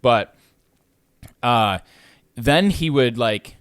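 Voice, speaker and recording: A man hosting a podcast, telling a landlord story in a loose, animated way, swearing freely and getting louder as he gets riled up. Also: mid-range voice, slow, pauses often, dry recording, studio quality. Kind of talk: casual podcast chat.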